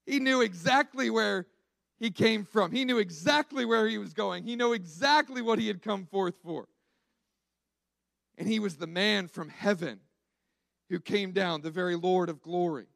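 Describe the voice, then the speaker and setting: A man's voice: high-pitched, normal speed, vocal fry, fairly bright tone, no room sound. A man preaching a sermon in a conversational, emphatic way, often restarting and repeating words.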